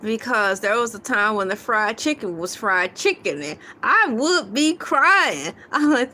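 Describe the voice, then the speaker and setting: Giggly woman chatting on her livestream, high voice, takes it slow. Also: big pitch swings, sharp tone, a little hiss or hum. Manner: giggly and playful, laughing often between lines; chatty, reads viewer comments aloud. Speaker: livestream host. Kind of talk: casual livestream chat.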